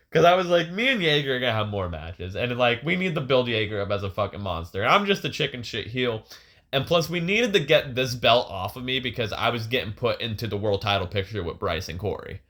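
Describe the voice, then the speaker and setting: Excitable young man telling a wild story. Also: medium pitch. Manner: animated storytelling, profane, laughs often. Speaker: podcast co-host. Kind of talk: casual chat, retelling a match.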